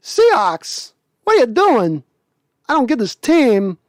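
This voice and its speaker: A man putting on a halting, offbeat celebrity impression, breaking his lines with odd pauses. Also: very high-pitched, wildly swooping pitch, dry recording, clean studio sound, voice pushed up, full character voice. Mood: exasperated.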